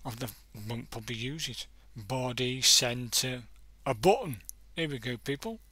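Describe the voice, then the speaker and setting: A man's voice: mid-range voice, unhurried, pushed and bright. A man hosting a casual coding tutorial, thinking aloud and correcting himself as he clicks through examples. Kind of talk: casual screen-recorded tutorial.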